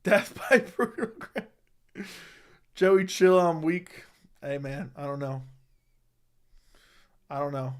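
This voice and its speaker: A man's voice: on the high side, expressive, takes it slowly, pauses often. A young man hosting a casual livestream, answering chat with crude, mocking trash talk and frequent laughter. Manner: laughs often. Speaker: livestream host.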